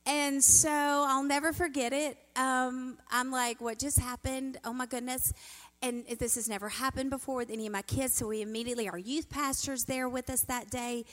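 Woman preaching at church, high voice, animated stories, long echo in the hall. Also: normal speed, hardly any pauses. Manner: animated, storytelling, acts out quotes. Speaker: guest speaker. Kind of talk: sermon. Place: church sanctuary.

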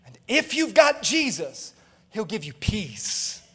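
A man's voice: sits high, very animated, takes it slowly, fairly bright tone, breathy edge, big-room sound. A man preaching a sermon as pastor, emphatic, with call-and-response asides and acted-out quotes. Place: church auditorium.

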